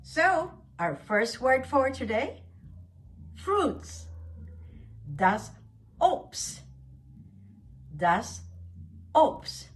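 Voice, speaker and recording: A woman hosting a radio German lesson, saying each word slowly and carefully and then repeating it. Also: on the high side, very animated, over music. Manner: slow, carefully enunciated teaching with repeated phrases. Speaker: German language segment host. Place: radio studio.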